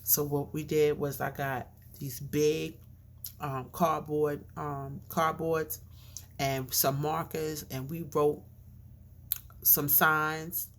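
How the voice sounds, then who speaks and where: A woman with a low, dark voice tells a personal story to her camera. She talks casually, full of fillers and side comments. Her words come out slightly mushy from a chain in her mouth. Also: flat delivery, takes it slowly. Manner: chatty, with fillers and asides. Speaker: vlogger.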